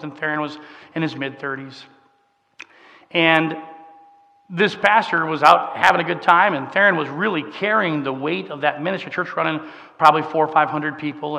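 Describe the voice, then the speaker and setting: A middle-aged man, preaching a sermon through a conversational personal story that swings from soft and emotional to emphatic. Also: on the high side, creaky, highs cut off. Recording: long hall reverb.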